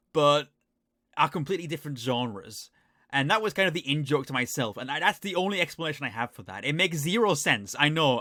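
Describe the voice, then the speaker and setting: Bright, self-deprecating Northern English man. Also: a little high, no room sound, studio quality. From Northern England. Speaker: YouTuber reacting to his old video. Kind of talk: casual commentary.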